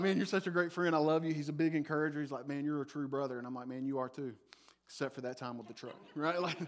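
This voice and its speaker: A middle-aged man preaching a sermon, telling a lively personal story that swings from loud excitement to soft, reflective moments. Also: mid-range voice. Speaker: pastor.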